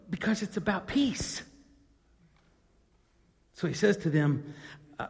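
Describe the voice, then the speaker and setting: A male pastor preaching a sermon, dropping to quiet asides and then climbing to loud, emphatic questions. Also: very high-pitched, very animated, moderate pace, pauses often, long reverb tail.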